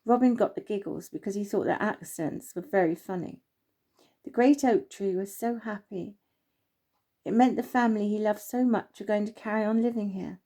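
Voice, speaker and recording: A woman with a mid-range voice gently reads her own children's story out loud. She goes at an unhurried pace and makes minor slips.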